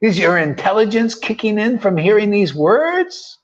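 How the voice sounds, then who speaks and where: A man's voice: high-pitched, sing-song, moderate pace. A man preaching informally as a spiritual teacher, firing combative rhetorical questions and tossing in slangy "man" asides. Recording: dull lo-fi recording.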